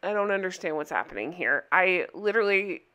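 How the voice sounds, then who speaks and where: A woman's voice: lowish voice, expressive, brisk, fairly bright tone, smooth. A woman hosting a reaction video, talking casually with sarcastic disbelief. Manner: sarcastic, incredulous. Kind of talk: casual commentary.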